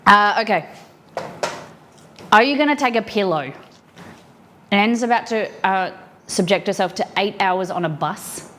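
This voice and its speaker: Woman, streamer, casual cooking chat, chatty, medium pitch, faint background noise. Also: animated, unhurried, long pauses, fairly bright tone. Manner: chatty, answers chat while rolling food.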